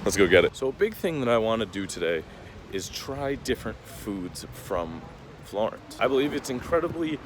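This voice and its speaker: A man's voice: fairly low pitch, big pitch swings, normal speed, noisy background. Chatty self-mocking young man vlogging. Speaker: travel vlogger. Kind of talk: casual vlog to camera. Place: walking around a city outdoors.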